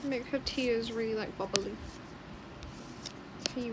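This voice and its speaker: A young woman artist chatting casually while she draws, rambling and often muttering quietly to herself. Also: fairly high pitch, unhurried, long pauses, heavy background noise. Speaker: artist streaming her drawing.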